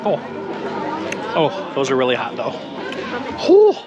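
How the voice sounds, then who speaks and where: A man's voice: mid-range voice, normal speed, highs cut off, a loud crowd. A man giving casual, enthusiastic travel vlog commentary as he tastes food and wine out and about. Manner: chatty and enthusiastic, savoring food and wine aloud. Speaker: travel vlogger. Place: outdoors at a busy Christmas market. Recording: outdoor street noise.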